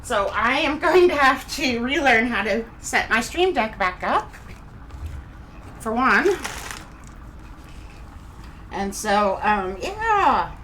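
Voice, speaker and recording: Slow and very animated, with long pauses, a middle-aged Kansas woman rambles on a live stream from home, eating between remarks. Her slightly high voice sounds pushed and bright, and faint background noise and echo fill the room.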